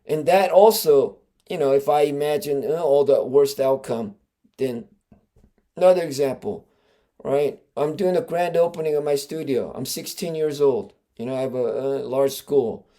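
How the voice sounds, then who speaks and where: A man, a martial arts grandmaster hosting a podcast, tells stories in a casual, animated way, stressing key words and often restarting with fillers. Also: mid-range voice, normal speed. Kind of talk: casual storytelling.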